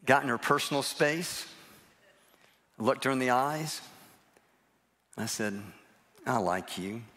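A man's voice: medium pitch, animated, slow, pauses often, pushed and bright. An older man preaching a humorous sermon in a church, telling personal stories in a chatty, self-deprecating way. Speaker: guest preacher. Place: church sanctuary, live service.

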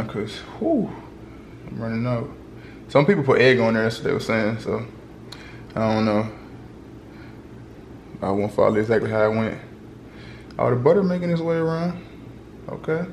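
A man's voice: mid-range voice, slight background noise. A young man chatting casually to the camera as he cooks in a home kitchen, talking straight to his viewers. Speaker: cooking vlogger.

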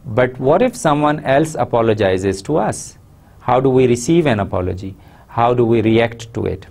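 A man with a Pakistani accent giving a recorded university lecture, measured and explanatory, stressing key words. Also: medium pitch, lively intonation, vocal fry, a little mellow.

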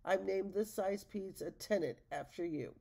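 A woman reading the lines of a kind, eager young ogre girl from a storybook, in a gravelly voice. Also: mid-range voice, moderate pace, mellow.

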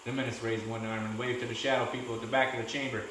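A man, a teacher, reading a storybook aloud to his class in a steady way. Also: mid-range voice, very fast, slight background noise. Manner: steady, with small restarts. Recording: echoey room from far off.

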